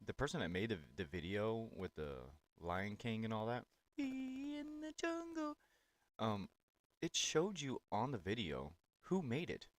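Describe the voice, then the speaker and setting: A man's voice: lowish voice, sing-song, moderate pace. A man hosting political reaction commentary on clips, talking in a blunt, sarcastic and profane way.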